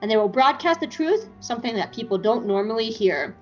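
A woman's voice: on the high side, expressive, fairly quick, dull audio, faint music behind. A woman podcast co-host chatting casually through an episode recap, giggly and swearing freely.

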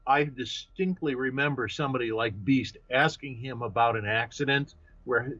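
A man co-hosting a comics podcast, explaining carefully with many pauses and fillers. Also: medium pitch, bright, forceful tone, no room sound, dull audio. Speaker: podcast co-host. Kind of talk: casual chat about comics.

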